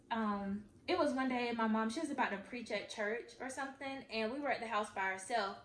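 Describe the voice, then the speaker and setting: A woman's voice: mid-range voice, a bit bright, a little hiss or hum. A woman in her twenties, a vlogger telling a personal story in an earnest, confiding way and talking straight to her viewers. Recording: echoey room.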